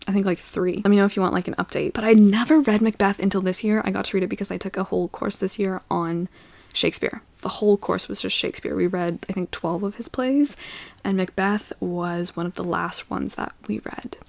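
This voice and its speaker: A woman's voice: medium pitch, fairly even intonation, a little fast, vocal fry, darkish tone, no room sound. A young woman reviewing her favourite books in a casual vlog, gushing and playful, sometimes dropping into a whisper. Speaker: book reviewer.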